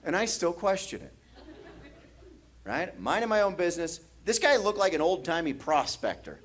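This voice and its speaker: A man whose voice sits on the high side does stand-up at a moderate pace on a comedy club stage, the audience laughing along. Hailing from the American Midwest, he's animated and imitates drunk strangers from his stories in mumbling voices.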